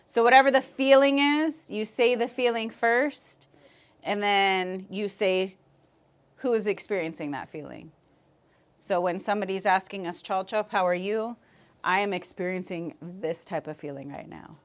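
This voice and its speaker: A woman teaching a language class, patiently modeling words and repeating them slowly for her students. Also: medium pitch.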